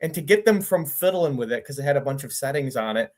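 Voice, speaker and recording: A man's voice: medium pitch, animated, quick pace, a little mellow. A young man in a casual podcast chat, telling wry, joking stories.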